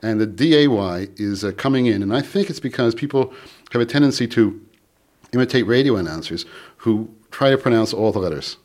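A man with a low voice takes calls as a radio guest. He speaks thoughtfully, pausing often with fillers as he works through his points. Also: lively intonation, a little mellow. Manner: hesitant, thoughtful, with many fillers. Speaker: radio guest, language author. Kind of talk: call-in radio conversation.

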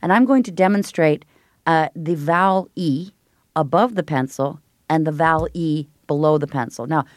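An animated, middle-aged woman who teaches voice, explaining her technique in a fairly low speaking register. She is recorded close up on a dry microphone with no room sound. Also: moderate pace, no echo. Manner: animated, explanatory, breaks into sung vowels. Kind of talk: interview answers with vocal demonstrations.

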